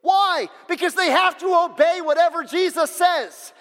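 A pastor preaching a sermon, emphatic and repetitive, swinging between loud passages and hushed ones. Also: male voice, very high voice, measured pace, long reverb tail.

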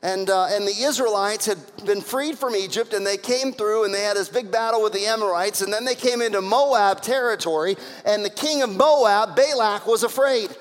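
High-voiced man preaching in a reverberant hall. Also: moderate pace, hardly any pauses, slight background noise. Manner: animated storytelling with acted-out voices. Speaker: pastor. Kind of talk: sermon.

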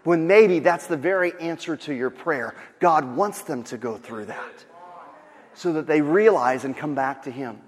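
A man's voice: on the high side, animated, a little slow. A man preaching a sermon as pastor, dynamic, acting out panicked voices of others. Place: church sanctuary. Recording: long hall reverb.

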